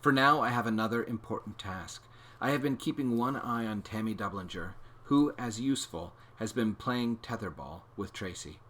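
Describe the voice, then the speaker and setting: A man reading a children's book aloud, telling the story in an expressive, animated way. His voice sits low but comes across bright and forceful. He hosts the reading. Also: moderate pace. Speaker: read-aloud host.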